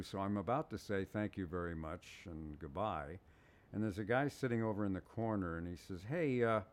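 An older man, a voice actor, telling an anecdote in an interview and acting out the quotes as he goes. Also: low-pitched. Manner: animated storyteller, acts out quotes. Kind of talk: anecdotal storytelling.

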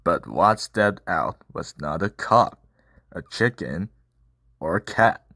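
Low-voiced storyteller man. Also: expressive, slow pace, pushed and bright, dry recording, studio quality. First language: Korean. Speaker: channel host and storyteller. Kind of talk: children's story read-aloud.

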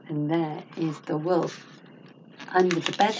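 A woman's voice: deep voice, measured pace, pauses often, dull audio, slight background noise. A woman teacher reading a picture book aloud to children, asking them questions and gasping at the twists. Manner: animated, with gasps and questions to the listener.

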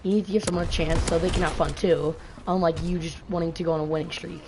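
A woman's voice: on the low side, fairly even intonation, quick pace, noisy background. A woman live streaming a game, ranting and swearing in frustration at the other team and her computer. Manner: profane, frustrated, complaining. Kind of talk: angry gaming live stream rant. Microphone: gaming headset mic.

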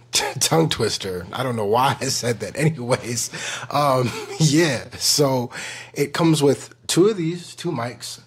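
A man's voice: mid-range voice, husky. A man hosting his vlog in casual, playful, rambling talk to the camera, enthusiastic about his gear, recorded on a wireless clip-on mic. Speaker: vlog host.

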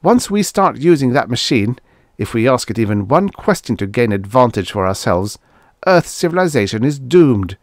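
A man's voice: mid-range voice, big pitch swings, normal speed, no room sound, studio quality. A man voicing a frightened spaceman who pleads urgently in a raised voice. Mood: urgent, pleading.

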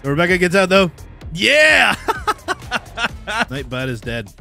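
A man streams a horror game and reacts to every moment with loud, profane outbursts. His voice sits a little high and swings wildly up and down. Game music plays clearly underneath him. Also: lively intonation, a little slow. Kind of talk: live gameplay commentary.

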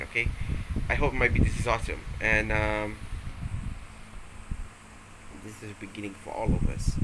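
Rambling man over air-conditioner hum. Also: mid-range voice. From Malaysia. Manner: rambling, hesitant, playful, with many restarts. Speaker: vlogger. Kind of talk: casual rambling vlog.

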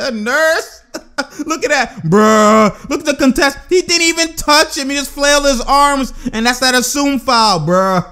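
This is a young man with a high-pitched voice doing casual reaction commentary over basketball footage. He is excitable and slangy, and he often breaks into laughter as he picks apart the plays. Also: slow.

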